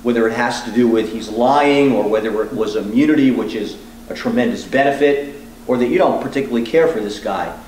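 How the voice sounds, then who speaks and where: Deliberate male law professor teaching. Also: mid-range voice, a little mellow, a little hiss or hum. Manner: deliberate, with measured pauses. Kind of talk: teaching demonstration. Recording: echoey room, distant mic.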